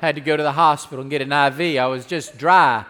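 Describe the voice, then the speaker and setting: High-voiced man preaching in a reverberant hall. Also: steady tone, fast. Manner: preaching with call-and-response asides, swinging from hushed to loud. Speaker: pastor. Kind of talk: sermon.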